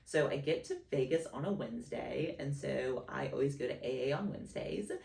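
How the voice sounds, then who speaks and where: A young woman hosting a podcast, telling a personal travel story in casual chat, full of "like" and bursts of high excitement. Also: normal speed, creaky, far from the mic. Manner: chatty, lots of "like", squeals high for quoted excitement. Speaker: podcast host. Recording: roomy sound from off the mic.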